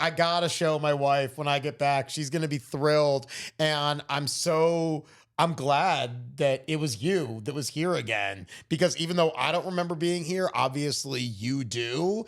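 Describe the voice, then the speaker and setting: Animated guy in his 30s cohosting a podcast, kinda high voice, cussing while he tells a story. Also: moderate pace. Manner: animated, swearing, acts out quoted voices. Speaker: podcast co-host. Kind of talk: casual storytelling chat.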